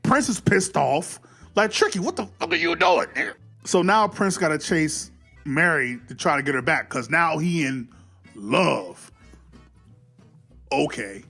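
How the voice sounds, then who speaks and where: A man giving a casual, animated movie recap, swearing freely and acting out the scenes as he goes. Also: fairly high pitch. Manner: animated, profane, acts out scenes. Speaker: film reviewer.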